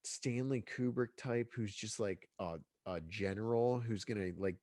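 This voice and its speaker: A congested man speaks in a fairly low voice, a guest in a relaxed interview. He rambles, circles back and restarts his sentences often, with plenty of fillers. The sound is dry and close. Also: unhurried, dry recording. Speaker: guest filmmaker. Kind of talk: casual interview chat.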